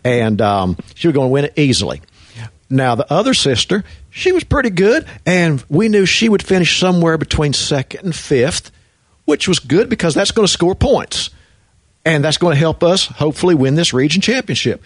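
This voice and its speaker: Storytelling former coach, high and dry. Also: male voice, big pitch swings, normal speed, slightly rough, no echo. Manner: storytelling, acts out quoted voices in a high pitch. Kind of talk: casual talk show chat.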